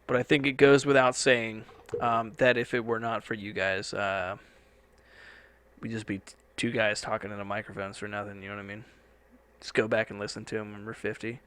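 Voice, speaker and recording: A man's voice: lowish voice, flat delivery, a little fast, a bit bright, a little hiss or hum. A man hosting a podcast alone from a studio, talking in a laid-back, rambling way with casual swearing. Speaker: podcast host. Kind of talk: casual solo podcast talk.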